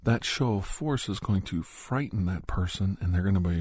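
A man's voice: low voice, normal speed, darkish tone, husky, no echo, studio quality. A man talking casually and at length, giving advice in a rambling, conversational way and acting out quotes. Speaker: advice giver.

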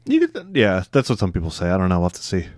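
A man co-hosting a casual family podcast with his child, easygoing and quick to laugh. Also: sits low, huge pitch swings, dry recording, studio quality. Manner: easygoing, laughs often, playful. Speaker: podcast co-host, parent of the child host.

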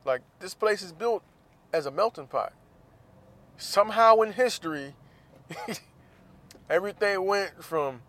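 An American man talks casually and passionately in a slightly bright voice that sits on the high side, at a moderate pace. He swears freely and laughs often.

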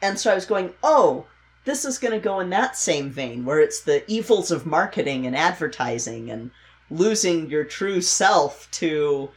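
A woman's voice: sits low, animated, unhurried. A woman co-hosting a podcast, chatting casually with thoughtful, reflective asides. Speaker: podcast co-host. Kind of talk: casual chat.

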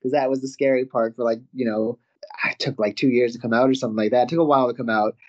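A man from Canada, a guest telling stories in a casual interview, animated, laughing often and acting out what others said. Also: mid-range voice, quick pace, lo-fi sound. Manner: animated anecdotes, laughs often, acts out quotes. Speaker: guest, professional wrestler and actor. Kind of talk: casual storytelling.

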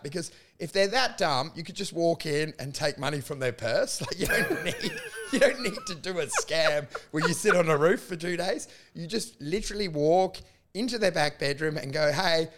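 A man telling stories in casual chat, animated and swearing often. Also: a little high, moderate pace. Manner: animated storytelling, swearing, frequent laughing.

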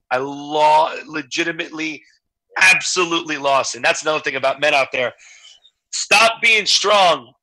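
Bright, candid man in his forties. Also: mid-range voice, no room sound, low-quality recording. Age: 40s. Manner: candid, emotional, animated storytelling with quoted dialogue. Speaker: guest entertainer. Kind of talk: casual interview chat.

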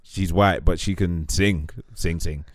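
A young man co-hosting a podcast, relaxed and slangy, often laughing along. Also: sits low, unhurried, no room sound, studio quality. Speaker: podcast co-host. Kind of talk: casual podcast chat.

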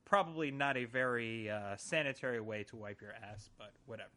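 A man's voice: mid-range voice, a little fast, pushed and bright. A man co-hosting a podcast, recapping episodes in casual chat with dry, easygoing storytelling. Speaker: podcast co-host.

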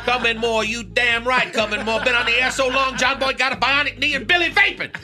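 A man's voice: very high-pitched, steady tone, brisk, music in the background. A man playing a brash, boastful male radio character in a comedy bit, talking in jive slang and made-up long words. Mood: swaggering.

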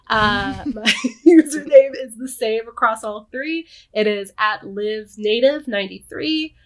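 A woman speaking as a podcast guest in casual chat, unhurried and thoughtful, laughing easily. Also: fairly high pitch, a bit bright.

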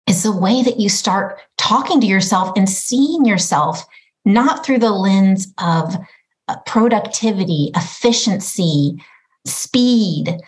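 A woman's voice: mid-range voice, expressive, slow, poor audio. A middle-aged mother talking earnestly as a podcast guest, often acting out her own inner voice. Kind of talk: reflective conversation.

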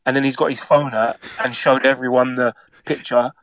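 A man's voice: mid-range voice, moderate pace, no room sound. A middle-aged man from England, a former footballer, telling a casual anecdote and acting out the quotes in it. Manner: animated storyteller, acts out quotes.

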